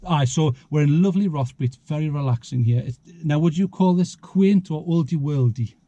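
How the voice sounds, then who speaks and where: A man's voice: on the high side, a little fast, dark tone, no echo, lo-fi sound. A man chatting casually on a vlog outdoors, joking and rambling with a ready laugh. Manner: joking, rambling, chuckles often. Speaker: vlog host. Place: outdoors in a small town street.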